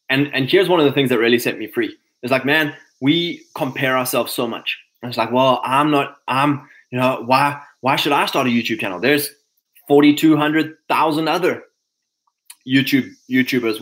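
A man's voice: mid-range voice, a bit bright, low-quality recording. A man giving a casual motivational talk to other men, conversational, often repeating himself and acting out little quoted lines. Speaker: speaker addressing men.

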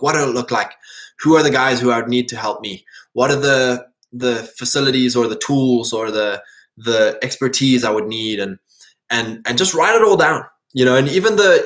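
Male host, faith-driven motivational talk, earnest and rambling, voice a bit strained, average pitch. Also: fairly bright tone. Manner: earnest, rambling, many restarts and fillers. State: voice strained, coughing and clearing throat.

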